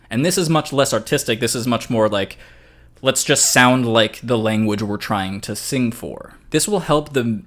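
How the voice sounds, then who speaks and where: Chatty man teaching music online. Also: mid-range voice. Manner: chatty, explanatory, with joking asides. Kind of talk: casual online music lesson.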